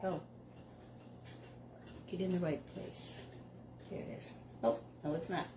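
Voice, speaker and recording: A tired woman from Canada, chatting casually between songs as host of a music show, laughing easily and sometimes hushing her voice. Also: fairly low pitch, slow, noisy background. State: tired from lack of sleep. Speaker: musician hosting a live show.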